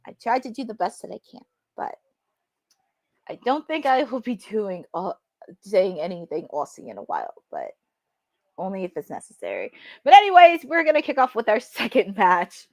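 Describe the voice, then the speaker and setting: A woman hosting a live watch-along, chatting excitably and laughing often as she reacts to the action. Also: mid-range voice, normal speed, no room sound, studio quality. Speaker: host.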